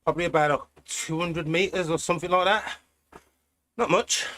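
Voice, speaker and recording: A man from Britain with a British accent, chatting in a relaxed way while hosting a cycling live stream from an indoor trainer at home. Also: on the high side. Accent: British English. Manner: relaxed, chatty, thinking aloud with pauses. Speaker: cycling livestream host. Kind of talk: casual live-stream chat while riding.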